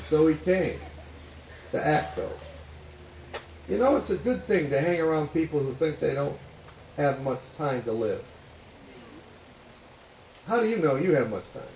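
A man's voice: on the high side, big pitch swings, takes it slowly, long pauses, a little mellow, a little hiss or hum. A man preaching as a pastor, telling a story and acting out the voices of the people in it. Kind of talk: sermon storytelling. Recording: echoey hall, distant mic, dull sound.

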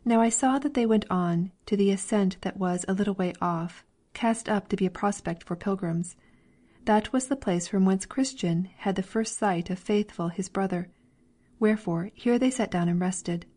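A woman narrates a classic allegory in a calm, measured storybook reading. Her tone is mellow and warm, at a middle pitch. She keeps the characters' voices close to her own. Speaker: reader.

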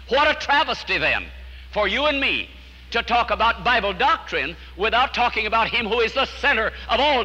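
Male preacher, slightly high, very bright voice, earnest storytelling sermon. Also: slightly rough, long reverb tail, low-quality recording. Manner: earnest, storytelling preacher who drops to a hush at key lines.

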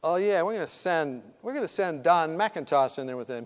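A man's voice: fairly high pitch, brisk, few pauses, in a large hall. A man telling a story from his hospital work in a sermon, acting out the voices and dropping to whispers. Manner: animated, acts out voices, drops to whispers.

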